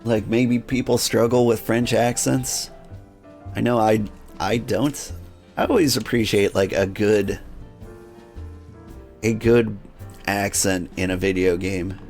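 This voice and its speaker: A let's-play host with a fairly low voice, reading game text aloud in a formal tone and then drifting into loose, rambling chat. He trails off and restarts his thoughts as he goes. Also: steady tone, slow pace, long pauses, a little mellow, faint music behind. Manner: rambling, self-interrupting. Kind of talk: casual gaming commentary.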